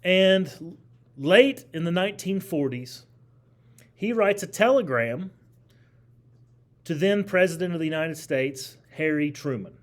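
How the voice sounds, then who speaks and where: Animated male history teacher lecturing. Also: fairly high pitch, a little slow, pauses often. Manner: animated, asks the class questions and repeats key phrases. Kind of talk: classroom lecture. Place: classroom.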